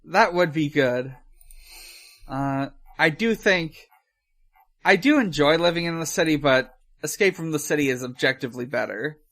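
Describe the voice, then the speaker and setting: A podcast co-host chatting casually and reading song lyrics aloud in a flat, unhurried way. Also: medium pitch.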